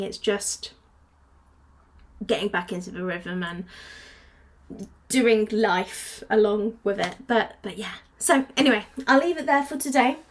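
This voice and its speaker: A young woman chatting casually to her viewers, rambling with lots of fillers and restarts. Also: mid-range voice. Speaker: craft vlogger. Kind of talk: casual chat to camera.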